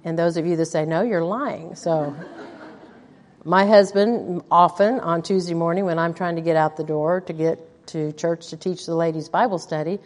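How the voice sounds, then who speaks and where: A woman's voice: on the low side, steady tone, normal speed, darkish tone. Woman teaching Bible study in echoing hall. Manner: conversational, asks the audience questions, mutters quoted asides. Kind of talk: women's Bible teaching talk. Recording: long echo of a large hall.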